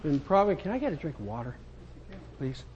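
A man's voice: a little high, big pitch swings, a little fast, a little mellow, lo-fi sound, slight background noise. A man preaching a sermon in an emphatic, repetitive way, speaking to himself as much as his listeners. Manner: emphatic, repetitive, self-including.

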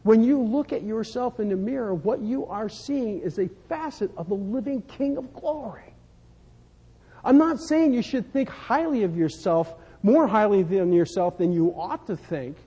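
Unhurried and lively in intonation, a man with a high, mellow, husky voice preaches as a pastor. He spins folksy stories and repeats words while building fervent emphasis, captured in dull sound with long hall reverb.

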